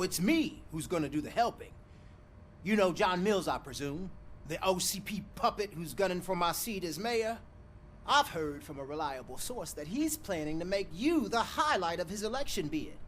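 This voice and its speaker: An actor playing a smooth-talking male big-city mayor with a slight Southern twang and a persuasive politician's delivery. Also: high-pitched, lively intonation, normal speed, a bit bright, a little hiss or hum.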